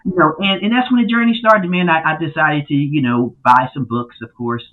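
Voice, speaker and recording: A man who is a guest on a podcast, telling his story in a casual, animated way with many fillers and loud acted-out quotes. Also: fairly high pitch, brisk. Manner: animated, lots of fillers, acts out quotes loudly. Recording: tinny phone-like line.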